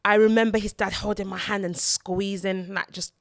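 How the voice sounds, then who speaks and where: A woman co-hosting a podcast, telling a personal story in an earnest, halting way, repeating words as she gathers herself. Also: medium pitch, steady tone, no echo, clean studio sound. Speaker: podcast co-host and mother.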